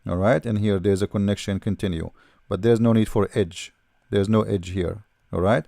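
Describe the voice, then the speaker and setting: A man's voice: lowish voice, steady tone, moderate pace, vocal fry, mellow, dry recording, clean studio sound. A man teaching the alphabet patiently, repeating sounds and often checking in with "all right?". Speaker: language teacher. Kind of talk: explaining letters while writing.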